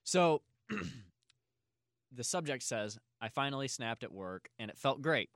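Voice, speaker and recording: A man hosting a casual podcast, telling a long story full of filler words and breaking into loud laughs. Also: mid-range voice, animated, unhurried, dry recording, clean studio sound. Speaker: podcast host.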